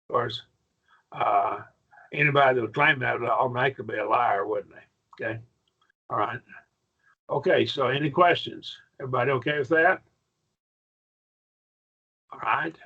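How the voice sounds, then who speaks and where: A man's voice: medium pitch, gravelly, bright, forceful tone, breathy edge, dull audio. A man teaching a Greek grammar class in a patient manner, often checking in with his students. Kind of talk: classroom lesson.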